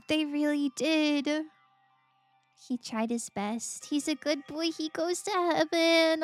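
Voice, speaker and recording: Emotional gamer girl, laughs a lot, high-pitched, slow-talking, soft music under it. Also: expressive. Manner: giggly, emotional and chatty. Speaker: game streamer. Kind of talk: let's play commentary. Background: faint game music.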